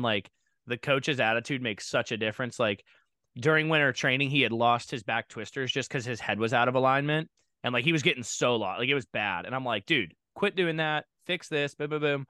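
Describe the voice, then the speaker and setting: Quick talking guy, bright crisp voice, podcast cohost, tells stories really animated. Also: medium pitch, no echo, studio quality. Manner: animated storyteller, acts out quotes. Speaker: podcast co-host, diving coach. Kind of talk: podcast interview.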